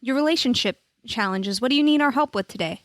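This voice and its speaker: A woman's voice: fairly high pitch, lively intonation, quick pace, no echo, studio quality, close to an everyday voice. A woman playing an upbeat, breezy advice-show hostess in an improvised comedy sketch. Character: chipper advice-show hostess Miss Tracy. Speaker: host.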